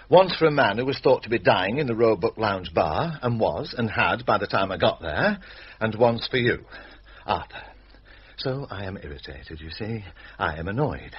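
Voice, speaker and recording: Middle-aged country doctor, dry and knowing, animated pitch; muffled, faintly hissy radio recording. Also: male voice. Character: weary, irritated middle-aged village doctor.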